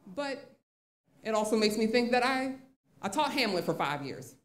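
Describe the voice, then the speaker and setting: A woman's voice: on the high side, sing-song, moderate pace. A woman teacher telling a candid, conversational story on stage at a live event. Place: live event in a museum venue. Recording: echoey live venue.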